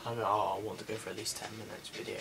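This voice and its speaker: A man's voice: lowish voice, level tone, racing, gravelly, background noise. A young man commenting on a game he is playing, muttering and grumbling in an unenthusiastic way. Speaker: gaming video creator. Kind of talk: casual gameplay commentary. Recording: distant mic with music behind.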